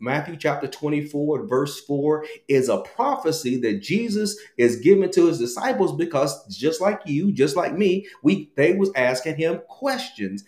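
A man preaching a sermon in a church, his voice sitting a little high for a man. He presses his points by repeating phrases and calls on the congregation to answer. The recording carries the echo of the room around him. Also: darkish tone. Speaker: pastor. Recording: echoey room.

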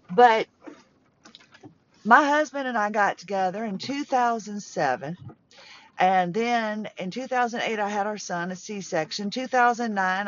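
A woman's voice: mid-range voice, muffled recording, a little hiss or hum. Rambling woman in her fifties chatting from a parked car. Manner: rambling, emotional, self-interrupting. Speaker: podcast host. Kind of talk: rambling personal chat.

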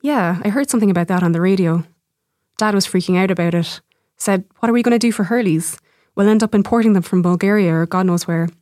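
A woman's voice: medium pitch, fast talker, a little mellow, dry recording, studio quality, close to an everyday voice. Woman reading as a blunt, wry young woman. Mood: plain.

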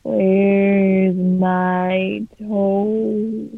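A woman voicing a creature that groans slowly, hunting for its lost toe. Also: medium pitch, level tone, vocal fry, dry recording, full character voice. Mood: moaning. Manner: slow drawn-out moaning. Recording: tinny phone-like sound.

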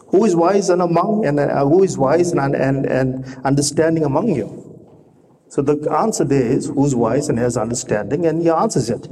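A man's voice: a little high, mellow. A man preaching a sermon, talking conversationally to the congregation and asking them rhetorical questions. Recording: reverberant hall with faint noise.

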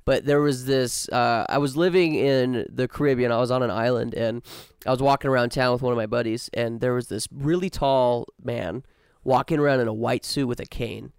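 A man hosting a podcast, telling a story in a relaxed, slangy casual chat. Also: medium pitch, moderate pace, clear, resonant tone, dry recording, clean studio sound. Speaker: podcast host.

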